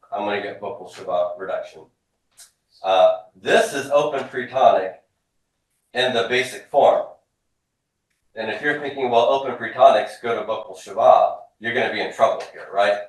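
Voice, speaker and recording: A man teaching a grammar lesson to a class, drilling students with quick questions. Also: medium pitch. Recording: echoey classroom from far off.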